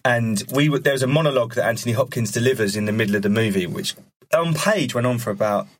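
A man, a film director, telling a story in an animated, casual way, laughing and acting out the lines. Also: medium pitch, fast. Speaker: film director, podcast guest.

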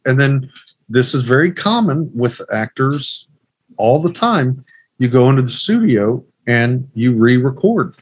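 Male co-host, casual chat, halting with fillers, dry mic. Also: medium pitch, very animated, slightly rough, no echo. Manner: hesitant, many fillers, trails off quietly. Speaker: podcast co-host.

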